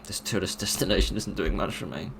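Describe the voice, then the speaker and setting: A man's voice: low-pitched, fast, gravelly, background noise. A man giving dry, sarcastic let's play commentary while he plays a horror game. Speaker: gaming video narrator.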